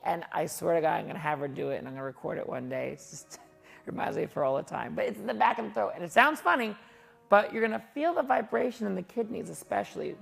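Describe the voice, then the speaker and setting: Qigong teacher, woman, very gravelly and low, chatty guiding tone, faint music behind. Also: lively intonation, fast talker. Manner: chatty, folksy instructions with asides. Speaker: qigong instructor. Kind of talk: guided exercise class. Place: martial arts and fitness studio.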